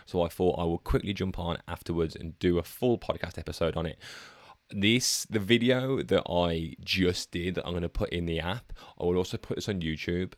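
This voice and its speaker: A man's voice: sits low, dry recording. A man hosting a fitness podcast alone, chatting casually and sometimes reading from his notes with a self-deprecating manner. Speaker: podcast host and personal trainer. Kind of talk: solo podcast monologue.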